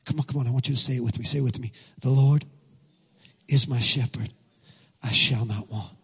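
Speaking in a husky, mid-range voice, steady and unhurried with long pauses, a male pastor preaches with passion in a church sanctuary. He draws the congregation into call-and-response and then prays.

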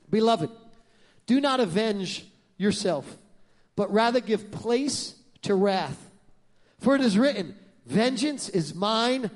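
A man preaching a sermon as pastor, swinging from loud bursts to hushed lines and acting out voices in his stories. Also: very high-pitched.

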